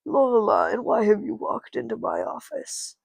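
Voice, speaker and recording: A woman's voice: fairly high pitch, huge pitch swings, moderate pace, gravelly, darkish tone, no echo, exaggerated voice. A woman voicing a shocked, blustering male school principal who fumbles for words. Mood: indignant.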